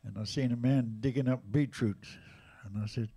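A man in his eighties with an English accent, casually telling jazz stories at a live museum event, lively and animated in his retelling. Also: mid-range voice, normal speed, breathy edge. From England. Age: 80s. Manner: lively, animated retelling with raised voices for quotes. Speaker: jazz drummer and storyteller guest. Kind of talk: casual anecdotal storytelling.

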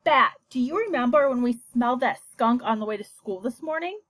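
Woman reading as a calm, patient mother. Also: fairly high pitch, fairly quick. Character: patient adult mother, a veterinarian. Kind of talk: audiobook reading.

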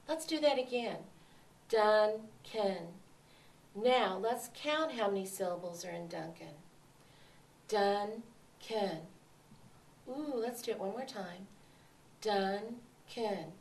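A woman kindergarten teacher talks children through clapping syllables, encouraging and eager. She speaks slowly and deliberately. The mic sits some distance away. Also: medium pitch, creaky.

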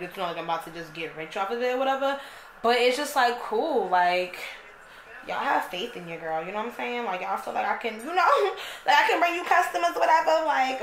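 Chatty young woman vlogging, noisy background. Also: mid-range voice. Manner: chatty, laid-back, lots of fillers and slang. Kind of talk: casual vlog chat to camera. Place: home and parked car.

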